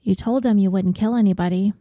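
A woman's voice: medium pitch, fairly even intonation, fast, mellow, dry recording, close to an everyday voice. A woman narrator voicing a mocking, disembodied inner voice that talks in a dry, needling way.

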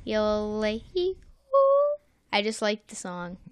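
A woman's voice: medium pitch, normal speed, no echo. Playful, rambling woman co-host. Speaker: podcast co-host. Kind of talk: casual episode recap chat.

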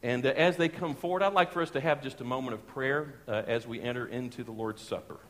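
A middle-aged man, preaching a sermon as a pastor and telling a personal story in a lively, folksy way with chuckles. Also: mid-range voice, fast talker, a little hiss or hum. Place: church sanctuary. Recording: long church hall reverb.

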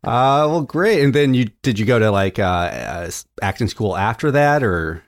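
A male host asking a guest questions in a halting way, searching for words. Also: mid-range voice, big pitch swings, dry recording, clean studio sound. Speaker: interview host. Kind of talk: casual interview questions.

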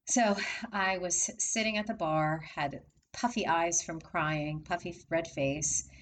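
Low-voiced woman telling a personal story. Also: slight background noise. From from Maryland area. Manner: heartfelt, chatty, laughs often.

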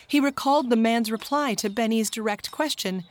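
A woman narrating a children's storybook as an audiobook in a calm, even manner. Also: a little high, moderate pace.

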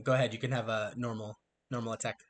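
A man narrating and running a tabletop role-playing game as game master, relaxed and descriptive with frequent fillers. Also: medium pitch, fast.

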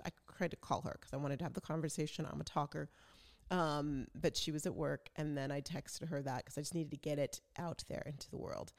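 A woman's voice: sits low, vocal fry. A middle-aged woman, chatting casually as a podcast host and telling stories with quoted voices. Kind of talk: casual chat.

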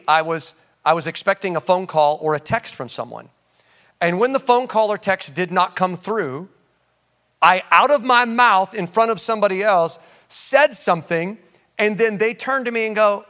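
A man preaching a sermon as pastor, animated, swinging from shouts to low asides and calling out to the congregation. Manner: conversational storytelling with audience call-outs.

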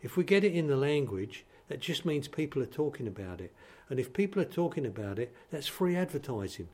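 Older man, from East London, blunt punchy talker, interview anecdotes, medium pitch. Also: very animated, fairly quick, dark tone. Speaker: advertising executive guest. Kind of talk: interview storytelling.

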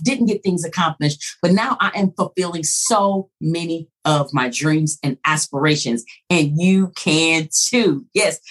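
A woman's voice: deep voice, a bit bright, slightly rough, rough recording. A woman in her fifties hosting a motivational podcast, enthusiastic and repeating words for emphasis. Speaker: podcast host. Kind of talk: energetic motivational podcast talk.

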